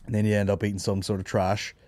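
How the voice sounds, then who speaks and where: A low-voiced Northern Irish man in his thirties rambles through a comic anecdote, swearing freely and breaking into laughter. His voice sits close and dry, with no room sound around it. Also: level tone, fast, darkish tone, dry recording. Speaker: podcast host. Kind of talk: casual comedic storytelling. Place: studio office.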